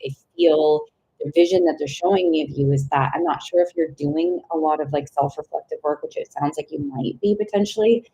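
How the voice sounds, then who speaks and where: A young woman giving a live intuitive tarot reading, rambling and searching for words, with sudden excited outbursts and casual swearing. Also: low-pitched, gravelly, low-quality recording. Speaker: tarot reader.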